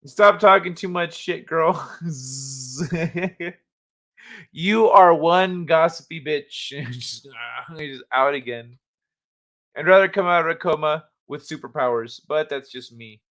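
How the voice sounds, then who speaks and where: A man's voice: fairly high pitch, slow, a bit bright. A man hosting a casual livestream chat from the United States, rambling and laughing as he reads chat aloud. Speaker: livestream host.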